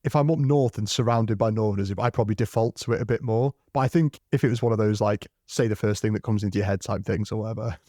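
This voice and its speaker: A man hosting a podcast, talking fast and teasing his guests, with plenty of swearing. His voice sits a little low and sounds dry and close to the mic. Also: dark tone, no room sound. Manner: bantering, swears freely, laughs often. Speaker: podcast host. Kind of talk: casual chat.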